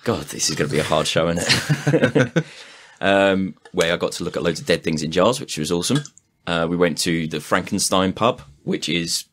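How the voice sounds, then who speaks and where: A man's voice: low voice, lively intonation, moderate pace, fairly bright tone, slight background noise. A man chatting casually on a podcast, rambling and swearing, laughing often. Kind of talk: casual chat.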